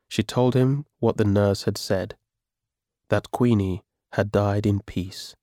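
A man reading a story aloud as its narrator, calm and measured. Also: fairly low pitch, dry recording, studio quality.

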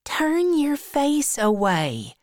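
A coy young storybook girl with a high, light voice that swoops widely , put on by a woman reader. She speaks slowly and softly, shy and easily brought to tears. The sound is dry and close. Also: huge pitch swings, no room sound, exaggerated voice.

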